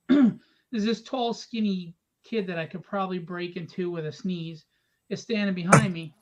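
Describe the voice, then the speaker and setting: A middle-aged man hosting a livestream, telling stories in casual chat, animated and profane, acting out the people in them. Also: high-pitched, a little slow, highs cut off. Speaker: livestream host.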